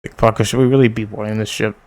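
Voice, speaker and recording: A man casually reading a manga aloud, reading out the character lines, commenting and laughing as he goes. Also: fairly low pitch. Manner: reads character lines in quick voices and laughs often; excited outbursts. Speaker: manga reader. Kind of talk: casual read-along with commentary.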